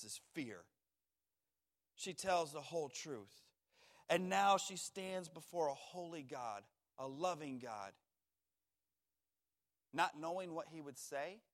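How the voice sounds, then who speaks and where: A man preaching a sermon, swinging from hushed, slow words to loud, urgent ones. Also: fairly high pitch.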